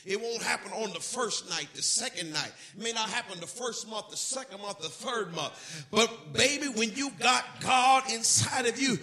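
Male pastor for a church service: high, very bright voice, folksy storytelling delivery aimed at the congregation. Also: lively intonation, normal speed. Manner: folksy storytelling preacher, speaks straight to the congregation. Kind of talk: sermon.

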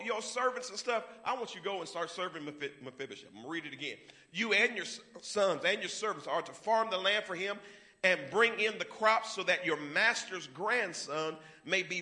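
A man preaching a sermon to a congregation, swinging from quiet asides to loud, drawn-out declarations. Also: high voice. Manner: rising to loud, drawn-out preaching with call-and-response.

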